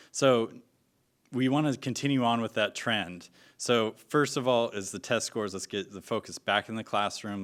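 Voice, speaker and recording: A man running for school board, answering a forum question in an earnest, measured way with filler pauses, in council chambers. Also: lowish voice, a bit bright, clear, resonant tone.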